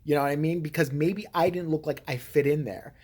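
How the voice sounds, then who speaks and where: A woman's voice: low-pitched, brisk, darkish tone, slightly rough. A woman vlogger giving blunt, heated, profane commentary and telling a story.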